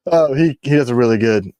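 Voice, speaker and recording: A man's voice: medium pitch, mellow, no echo. A man hosting a casual knife-making livestream, rambling and joking as he shows off his gear and trails off mid-sentence. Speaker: knife maker and livestream host.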